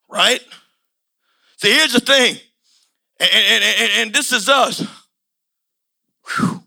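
A male preacher delivering a sermon in loose, everyday speech, circling back over his phrases and often building to a shout. His voice is high and sharply bright. A gravelly edge runs through it. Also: measured pace, long pauses. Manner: impassioned, colloquial, repetitive, often shouting.

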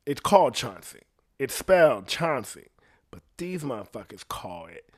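A man telling a story in a casual, animated monologue, swearing freely and putting on voices for the people he quotes. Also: medium pitch, moderate pace. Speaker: singer recounting a story.

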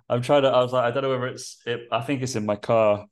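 A man's voice: mid-range voice, steady tone, fast talker. A young man co-hosting a podcast in loose, chatty banter, swearing and laughing often. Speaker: podcast co-host.

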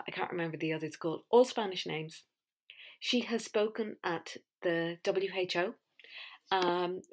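A woman hosting a podcast in a chatty, wry, self-mocking monologue. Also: on the low side. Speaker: podcast host. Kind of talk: casual monologue.

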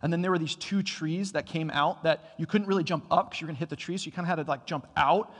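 A man delivers a sermon in a church hall, his voice a touch higher than most men's. He tells stories with rising energy, then slows to quiet, deliberate emphasis. A long reverb trails every word. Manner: storytelling, builds to loud excited bursts then drops quiet. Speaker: pastor.

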